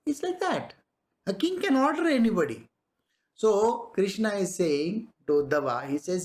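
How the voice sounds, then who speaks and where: A man's voice: high voice, very animated, normal speed, a little mellow. A man giving a conversational spiritual discourse as a teacher, often asking rhetorical questions and chuckling.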